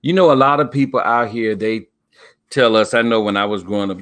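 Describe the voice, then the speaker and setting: A man's voice: on the low side, normal speed, fairly bright tone. A man hosting a live stream, talking in a folksy, preachy way, stretching out words for emphasis. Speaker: host. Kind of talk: casual live-stream talk.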